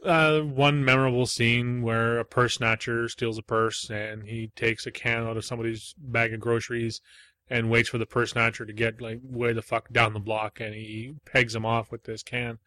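A man co-hosting a casual movie-review chat, telling scenes with quick asides and loose swearing. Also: medium pitch, little pitch movement, sharp tone, no echo. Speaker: podcast co-host.

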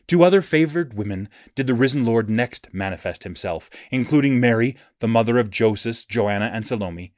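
Narrator, male, solemn measured scripture reading, mid-pitched, dry close sound. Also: no room sound.

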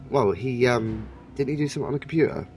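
A man in casual chat about a TV show, talking animatedly and breaking into quick impressions. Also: mid-range voice, soft background music.

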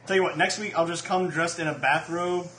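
A young man co-hosting a podcast in rowdy casual chat, joking loudly and swearing a lot. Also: on the high side, fairly even intonation, a little fast, echoey room. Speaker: podcast co-host.

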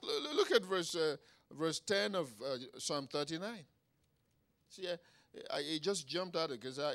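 A man preaching a sermon emphatically, swinging between quiet asides and loud exclamations and checking in with his listeners. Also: mid-range voice. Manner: engages the audience with "Huh?" and "Is anybody getting anything?".

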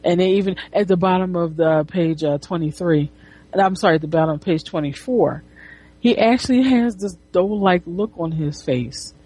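A woman's voice: on the low side, moderate pace, dark tone, slightly rough, soft background music. A woman casually retelling a comic book, rambling with restarts and swearing. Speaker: comic reviewer.

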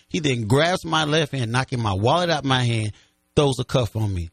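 A man of middle pitch recounts a personal story in an interview. He tells it vividly and acts out the lines of the people in it. The recording is dry and close, with no room echo. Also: brisk, vocal fry, a bit bright. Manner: vivid storyteller who acts out what others said.

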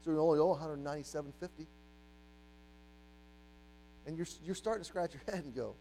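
A man in his forties preaching a sermon as a youth pastor, animated, acting out the voices of doubters and the devil. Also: on the high side, fairly quick, pauses often, faint music behind, rough recording.

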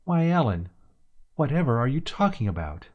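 A man voicing a gentle, puzzled woman in a science fiction audiobook who asks questions in a soft, pitying way. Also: medium pitch, very animated, moderate pace, husky, muffled recording, voice pushed up.

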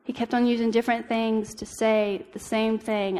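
A young woman giving an earnest personal testimony as a church devotional, halting often with ums and restarts. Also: fairly high pitch, little pitch movement, mellow. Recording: long reverb of a hall.

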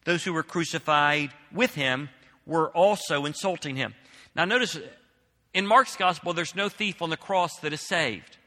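A man's voice: a little high, lively intonation, normal speed, sharp tone, in a large hall. A man preaching a sermon as a pastor, reading scripture aloud and then explaining it with emphasis.

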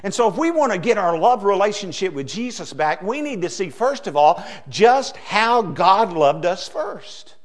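A middle-aged man preaching a sermon as pastor, folksy, swinging from hushed asides to loud emphasis. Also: high voice, very animated, normal speed, few pauses.

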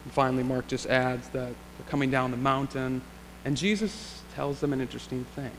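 A man's voice: medium pitch, steady tone, brisk. A male pastor preaching a sermon in a church sanctuary, in a reflective, conversational way with rhetorical questions. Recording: long church reverb, faint hum.

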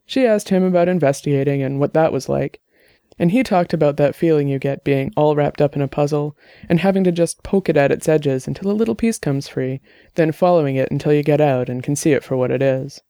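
A male audiobook narrator reading a novel aloud in a steady, even way. His voice sits a little high with a mellow, soft tone, recorded close and dry. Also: fairly quick, no echo.

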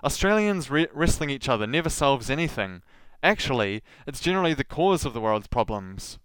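A man's voice: mid-range voice, very animated, fairly quick, fairly bright tone, clear, resonant tone, no room sound. A man delivering dry, sardonic scripted commentary as host. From Southland, New Zealand. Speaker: podcast host.

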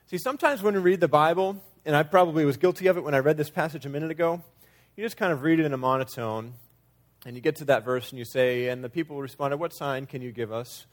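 A man's voice: fairly high pitch, fast. A man preaching a sermon in a conversational way, sometimes acting out quoted lines with changing emphasis. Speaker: pastor.

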